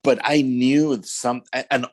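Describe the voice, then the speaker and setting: A man's voice: medium pitch, a little slow. A man, a pastor, recounts his own life story for a podcast interview. He talks in loose, slangy everyday speech and jumps into the voices of the people he quotes, acting out their lines as he goes. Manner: animated storyteller who acts out quoted dialogue; casual street slang, often says "man".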